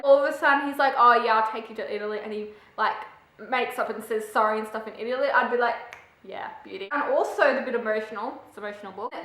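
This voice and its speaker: A woman's voice: high voice, pushed and bright. A young woman, chatting in a gushing way as she reviews a book for her vlog. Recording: echoey room.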